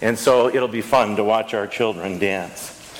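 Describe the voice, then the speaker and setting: A man's voice: on the low side, a little slow. A man leading a church service, reading liturgy and prayers and speaking casually to the congregation in between. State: out of breath. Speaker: pastor. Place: church sanctuary. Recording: long church reverb, faint ambience.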